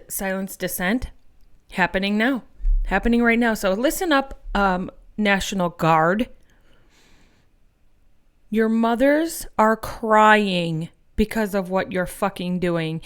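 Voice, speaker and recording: A woman hosting an activist podcast, delivering an angry, profane political monologue and rallying her listeners as friends. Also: medium pitch.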